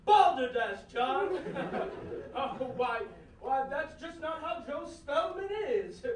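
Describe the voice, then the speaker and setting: A man in a live sketch playing an ordinary guy who puts on a grand, affected air of a cultured gentleman, theatrical and grandiose. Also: very high-pitched, expressive, takes it slowly, full character voice. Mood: blustering. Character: average guy faking pompous high-society gentleman. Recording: roomy theater, mic far off, audience laughter.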